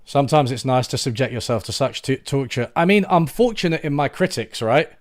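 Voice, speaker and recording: A young man talks casually to a live-stream audience, sarcastic and amused, breaking off into restarts. His voice sits at an ordinary middle pitch. The sound is dry and close, with no room around it. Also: a little fast, no room sound. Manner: sarcastic, laughing, trailing off into restarts. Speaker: YouTube channel host.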